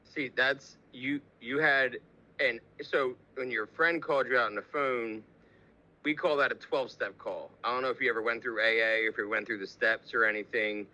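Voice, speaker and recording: Bright-voiced man hosting a podcast. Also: mid-range voice, moderate pace, rough recording. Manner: explaining, relaxed with fillers. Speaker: podcast host. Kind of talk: conversational interview.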